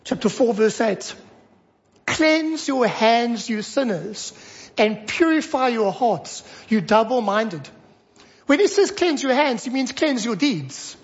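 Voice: mid-range voice, lively intonation, slow. A preacher giving a sermon, emphatic and fond of repeating short phrases for stress. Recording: dull lo-fi recording.

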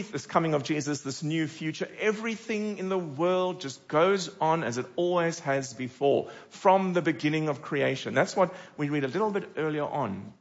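A middle-aged man preaching a sermon as a pastor, animated and full of dramatic rhetorical questions. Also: fairly high pitch, lo-fi sound.

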